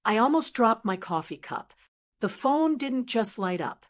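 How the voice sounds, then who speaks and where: A woman narrating a first-person story in a calm, steady, measured way. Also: a little high.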